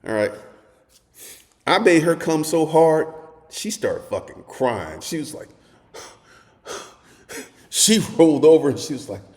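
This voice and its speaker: A man gives dating advice in a blunt, profane monologue. His voice swings widely in pitch as he spins stories and sometimes bursts into shouting. The sound carries a long reverberant tail from the room. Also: slow, long pauses. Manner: crude, animated storytelling, swings to shouting.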